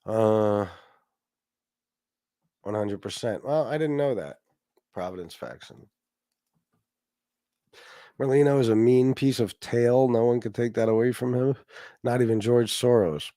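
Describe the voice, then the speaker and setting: A man with a stuffed-up nose hosts a loose, rambling livestream, reading chat comments aloud and dropping casual swears. His voice sits at an ordinary middle pitch and comes across dry and close, with no room sound. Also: unhurried, long pauses, dark tone, no echo. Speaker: livestream host.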